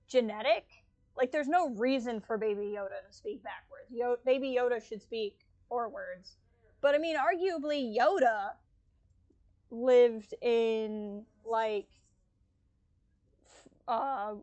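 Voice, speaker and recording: A young woman commenting on a game stream, with a slightly high voice and a loose, giggly delivery. She mixes reading game dialogue with rambling asides into her desk mic. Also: a little mellow, no echo, dull audio. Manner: chatty, giggly, reads game text aloud.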